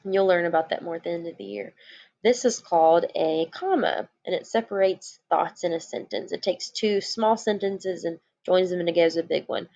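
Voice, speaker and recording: A woman's voice: on the low side, normal speed, creaky, dark tone, highs cut off. A woman teacher giving a recorded lesson to young children, explaining patiently.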